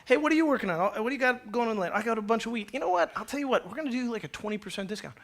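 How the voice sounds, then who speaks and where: A man voicing a scheming male estate manager with chummy, flattering salesman patter. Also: very high-pitched, racing, pitched above the performer's own voice, full character voice. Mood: breezy.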